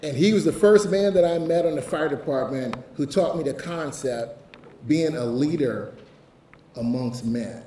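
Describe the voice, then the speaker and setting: Speaking a little slowly in a slightly high, warm voice, an Ohio man addresses a ceremony as fire chief. His speech is heartfelt and emotional, sprinkled with "you know." The recording has faint hiss and comes from a distant mic in an echoey room.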